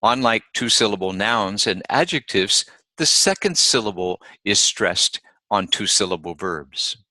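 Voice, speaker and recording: A man teaching English pronunciation rules in a slow, deliberate lesson, modelling each example word by repeating it carefully. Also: lowish voice, animated, pushed and bright, dry recording. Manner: deliberate, models words by repeating them slowly.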